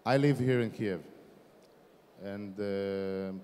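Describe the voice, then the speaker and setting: A man's voice: lowish voice, slow, a little mellow, clean tone. A man in his forties with an Israeli accent, giving an informal, self-deprecating startup conference talk with frequent fillers. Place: conference startup stage in a large hall. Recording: long hall reverb from the venue.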